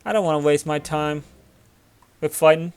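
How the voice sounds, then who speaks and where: A man's voice: fairly high pitch, moderate pace, a little mellow, smooth. A man from Turkey speaking English with a Turkish accent, giving rambling casual commentary over his gameplay, full of fillers. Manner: rambling, filler-heavy, chatty. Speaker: gaming channel host.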